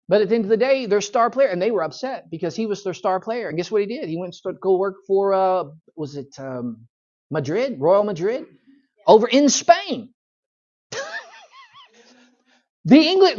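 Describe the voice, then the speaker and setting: A man's voice: sits high, darkish tone. A man, a pastor teaching a church Bible study in a folksy, conversational storytelling manner. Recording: dull lo-fi church recording.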